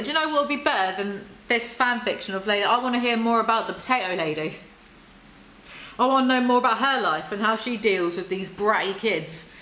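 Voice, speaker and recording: A woman giving soft-spoken ASMR book commentary, reading passages aloud with sarcastic, wry asides. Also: medium pitch, a little fast, roomy sound, a little hiss or hum, poor audio.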